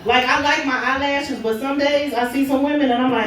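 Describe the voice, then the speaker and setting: A stand-up comedian from Oklahoma, telling animated stories about her kids. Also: moderate pace. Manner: animated, jumps high in pitch for punchlines. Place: comedy club stage. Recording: echoey club from a distance.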